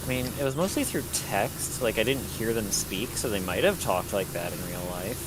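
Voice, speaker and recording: A man's voice: fairly low pitch, lively intonation, normal speed. Teasing young man on a hissy mic. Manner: joking, teasing. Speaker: guest streamer. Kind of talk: casual gameplay chat. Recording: noisy hissing mic.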